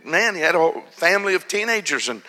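A man preaching a storytelling sermon, dropping to a hush and then rising loud and animated. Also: high-pitched, fast talker. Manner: animated, swings from hushed to loud. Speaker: pastor. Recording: long hall reverb.

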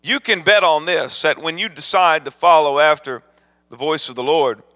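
Male guest evangelist, fervent sermon delivery, high and bright, big reverberant hall. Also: normal speed. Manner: builds from calm storytelling to fervent preaching.

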